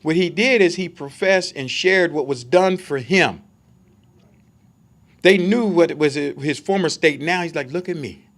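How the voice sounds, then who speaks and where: A man's voice: a little high, a little slow, fairly bright tone. A man giving a conversational Bible study sermon, emphatic and full of rhetorical questions for his listeners.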